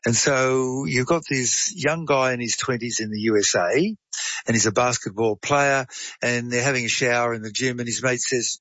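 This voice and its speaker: A man's voice: mid-range voice, steady tone, moderate pace, a bit bright, no echo. Male guest, conversational explainer, dry, dull lo-fi sound. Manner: chatty, digressive, uses fillers and asides. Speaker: guest explaining medical science. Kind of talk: casual explanatory storytelling.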